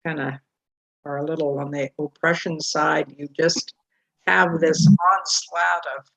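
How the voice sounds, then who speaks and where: An older woman chatting on a church video call, warm and unhurried. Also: low-pitched, fairly even intonation, gravelly, low-quality recording. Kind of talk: casual chat.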